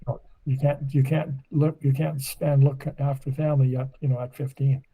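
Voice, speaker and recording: A man's voice: mid-range voice, level tone, moderate pace, dark tone, breathy edge, rough recording. A man in his eighties from Nova Scotia, a podcast guest chatting casually and telling long, rambling stories. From Nova Scotia, Canada. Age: 80s. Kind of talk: casual conversation.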